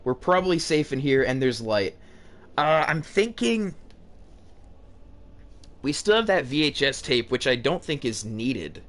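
A young man commenting on a horror game as he plays, nervous and talkative, swearing now and then and shouting when something scares him. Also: medium pitch, lively intonation, takes it slowly, long pauses. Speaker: gaming video host.

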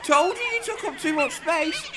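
High cackling troublesome trucks. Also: male voice, lively intonation, moderate pace, very noisy. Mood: jeering. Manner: cackling, taunting. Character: cheeky rowdy freight trucks, male, jeering. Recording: loud music under the voice. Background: loud background music.

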